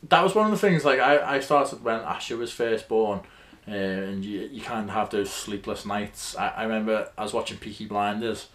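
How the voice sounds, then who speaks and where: A man's voice: fairly low pitch, normal speed, a bit bright. A man hosting a podcast in chatty, rambling casual talk full of fillers. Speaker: podcast host. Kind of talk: casual chat.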